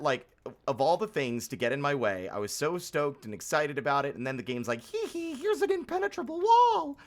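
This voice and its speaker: A man's voice: mid-range voice, fairly bright tone. A young man live-streaming a game, talking casually and frankly, grumbling and swearing freely.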